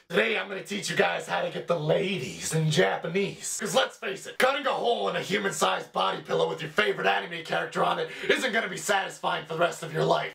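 Man doing a gravelly ranting comedy sensei. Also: high voice, sharp tone, reverberant, distant mic, heavily acted. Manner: vulgar, ranting, mock-teaching. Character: crude loud male comedy sensei character. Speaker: comedy sketch character.

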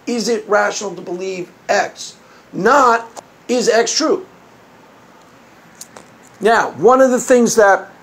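A man's voice: very high-pitched, fairly bright tone. A man giving blunt, combative opinion commentary that rambles at times. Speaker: online commentator.

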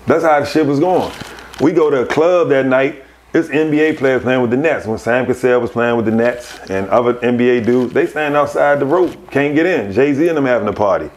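A man, a podcast guest, telling casual stories, animated and laughing as he acts out other people's voices. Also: medium pitch, a little fast, a little hiss or hum. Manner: animated, laughs through his anecdotes. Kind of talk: casual storytelling.

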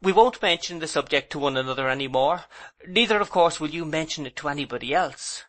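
Proud older aunt, hurt and reproachful, put on by a male reader, high and bright. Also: fairly quick, close to an everyday voice. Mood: rueful. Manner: emotional, reproachful, then composed and rueful. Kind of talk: audiobook character voice.

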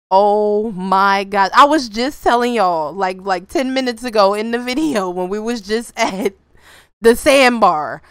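A young woman giving casual gameplay commentary, excitable, with loud outbursts and slang aimed at her viewers. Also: medium pitch, measured pace, smooth, no echo. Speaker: gaming video creator.

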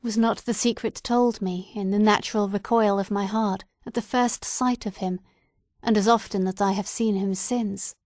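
A guilt-stricken clergyman speaks low and bitter, voiced by a woman reader. His lines come out murmured and broken, recorded close and dry. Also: fairly even intonation, normal speed, a little mellow, no echo, natural voice. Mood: anguished.

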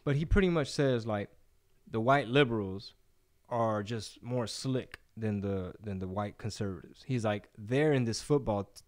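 A man hosting a casual podcast, talking in an animated, profane, slang-heavy way. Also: fairly low pitch, normal speed. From Texas. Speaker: podcast host.

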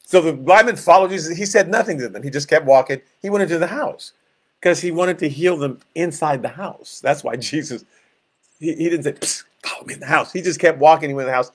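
A pastor leading a Bible study, explaining verses in plain words and acting out scenes with growls and groans. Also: male voice, fairly high pitch, fairly quick, husky.

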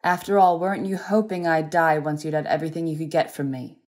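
Lady reading a bitter worn-out young guy, low and flat, cold clipped lines, audiobook. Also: brisk. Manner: clipped, cold, bland delivery.

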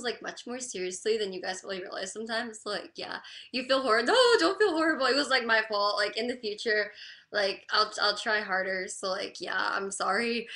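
A young woman crying through a livestream chat, halting and apologetic, with the word "like" in almost every phrase. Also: mid-range voice, bright, forceful tone. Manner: halting, apologetic, full of "like" fillers.

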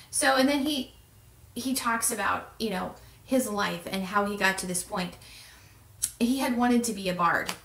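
A woman's voice: medium pitch, a little slow, fairly bright tone. A woman reviewing a fantasy novel in a casual, conversational way, in a roomy, distant recording. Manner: conversational, with fillers and restarts. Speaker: book reviewer. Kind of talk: casual book commentary with read-aloud passages. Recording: roomy echo, distant mic.

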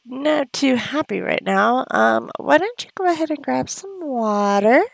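A woman's voice: high voice, animated, measured pace, vocal fry, dry recording. A woman giving casual gameplay commentary, chatty, often gasping and cooing at the game characters. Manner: gasps often. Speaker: let's play host.

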